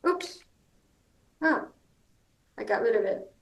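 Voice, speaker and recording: A woman speaking as a guest advocate, giving practical advice in an informal, halting way with many ums and restarts. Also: on the high side, expressive, vocal fry. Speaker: guest, hard of hearing and seniors advocate. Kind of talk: explanatory advice talk. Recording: roomy echo.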